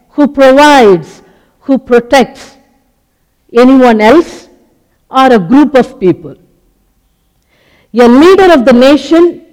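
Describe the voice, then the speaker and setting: Man, sermon, very high-pitched, unhurried phrasing, reverberant hall. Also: a little mellow. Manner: slow, deliberate teaching with many short pauses. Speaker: preacher.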